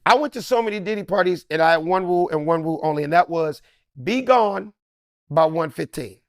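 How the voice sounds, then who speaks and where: A comedian, a man, telling an animated story and acting out the lines of everyone in it. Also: high-pitched, brisk, clear, resonant tone, dry recording, studio quality. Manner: lively, acts out every character's line.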